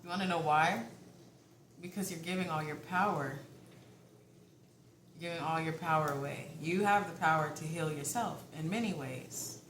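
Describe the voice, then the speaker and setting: A low-voiced woman talks straight to her viewers in a casual tarot reading, chatty and prone to giggling. Her voice carries a roomy echo with a faint hum of background noise. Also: normal speed, long pauses, fairly bright tone. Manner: chatty, often checks in with viewers. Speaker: tarot card reader.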